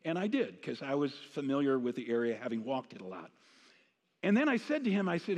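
A man's voice: mid-range voice, sing-song, a little fast, darkish tone. Man preaching in a reverberant hall. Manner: conversational preaching, rising to emphatic declarations. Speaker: pastor. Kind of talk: sermon.

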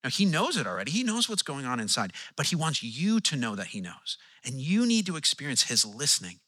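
A man preaching a sermon as pastor, animated and acting out the quotes he tells with changing tones. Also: mid-range voice, a little fast, breathy edge. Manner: animated, acts out quotes with shifting tone.

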